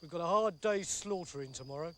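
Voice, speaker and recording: A man's voice: a little high, brisk, noisy background, pitched below the performer's own voice, lightly acted. A man putting on a blustering enemy soldier. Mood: scornful. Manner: blustering, scornful.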